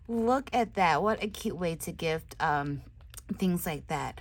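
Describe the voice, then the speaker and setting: A woman hosting her crafting channel, chatting casually as she unboxes swap gifts, gushing with excited exclamations and soft whispered asides. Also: sits low, slow.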